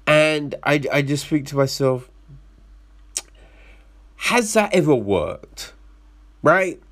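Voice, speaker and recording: Slow-talking man ranting, swearing freely. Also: a little high, sing-song, fairly bright tone. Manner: profane, rambling, frequent restarts; incredulous, rhetorical questions. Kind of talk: casual rant about films.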